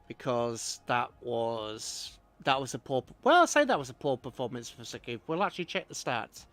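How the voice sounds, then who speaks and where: A man's voice: medium pitch, fairly bright tone. A man streaming himself playing a strategy game, chatting and reacting aloud to the battle as it unfolds. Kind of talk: live game commentary.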